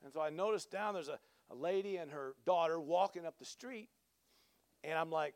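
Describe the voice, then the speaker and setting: High-voiced preacher, animated storytelling. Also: male voice, normal speed, no echo. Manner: animated storyteller, rambling restarts, builds to loud exclamations. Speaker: pastor. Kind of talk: sermon with a personal story.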